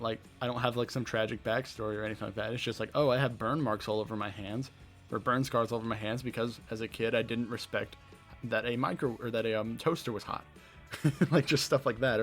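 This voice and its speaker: A young man with a light Southern American accent, answering rapid-fire questions on his own podcast, rambling and laughing at himself. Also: medium pitch. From Southeastern United States. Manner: rambling, self-deprecating, laughs often. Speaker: podcast host. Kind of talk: casual Q&A monologue. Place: his bedroom.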